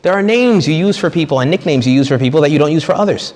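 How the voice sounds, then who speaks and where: A man's voice: on the high side, lively intonation, very fast, a little mellow, long reverb tail. A man giving a retreat talk as a priest, in a conversational, joking way, acting out quoted people. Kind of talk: retreat sermon.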